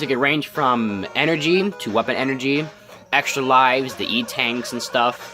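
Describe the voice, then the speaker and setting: A young man hosts a let's play, his mid-range voice bright and forceful at a measured pace, with faint music behind him. He has just woken up, so his voice is scratchy, and his casual commentary rambles with lots of ums and restarts.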